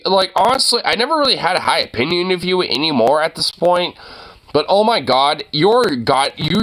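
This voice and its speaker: A man hosting a casual chat, reacting to a news clip with excited, profane rants. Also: a little high.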